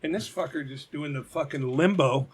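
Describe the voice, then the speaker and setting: Co-host, man, Cincinnati accent, blunt and profane, slightly high pitch. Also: normal speed, slightly rough. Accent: Cincinnati, Ohio. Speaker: podcast co-host. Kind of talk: casual chat.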